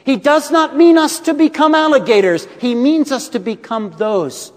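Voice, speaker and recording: A man preaching a sermon as pastor, expressive, swinging between rising emphasis and soft, quiet drops. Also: extremely high pitch, moderate pace, in a large hall.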